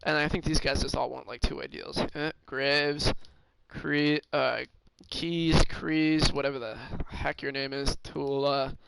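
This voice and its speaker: A man's voice: mid-range voice, steady tone, a little slow, creaky, hardly any pauses, noisy background. A man streaming a hockey management game, thinking aloud in casual commentary with many fillers and restarts. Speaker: gaming streamer.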